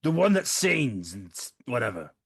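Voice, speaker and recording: Male player, husky and animated, stern in-character questioning. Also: medium pitch, moderate pace, dry recording, studio quality. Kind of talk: in-character tabletop play.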